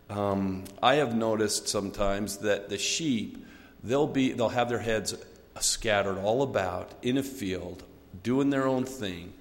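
A man's voice: on the low side, long reverb tail. A man giving an earnest, folksy church talk from a pulpit, with ums and asides. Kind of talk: sermon-style church talk.

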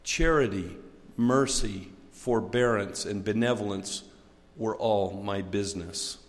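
Mournful male ghost, as a church speaker puts him on, lowish voice, slow, long hall reverb. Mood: lamenting. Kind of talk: church talk.

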